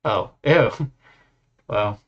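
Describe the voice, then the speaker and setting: A young man playing a game on stream, casually commenting in a puzzled, deadpan way and muttering to himself. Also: fairly low pitch, drawn-out words, dull audio.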